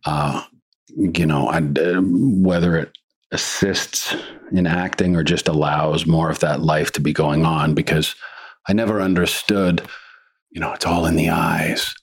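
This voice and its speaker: A male actor chatting as a guest in an interview, telling rambling, animated stories. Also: very deep voice, unhurried, breathy edge. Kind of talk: casual interview chat.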